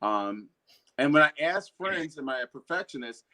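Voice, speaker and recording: A man's voice: fairly high pitch, very animated, normal speed, pushed and bright. A man, a poet appearing as a guest, talking earnestly and with animation in a casual conversation.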